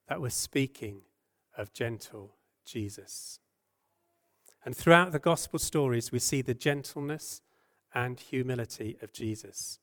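Gentle, earnest male preacher. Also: medium pitch. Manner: softens and slows when quoting scripture. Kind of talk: sermon.

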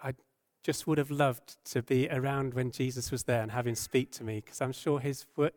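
A man preaching a sermon, earnest and gentle, asking rhetorical questions and dropping his voice and slowing down when he quotes scripture. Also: medium pitch, fairly even intonation. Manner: softens and slows when quoting scripture.

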